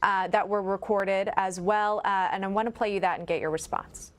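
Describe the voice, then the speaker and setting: A woman anchoring a morning news show, introducing guests and clips in a brisk conversational way. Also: medium pitch, fairly even intonation.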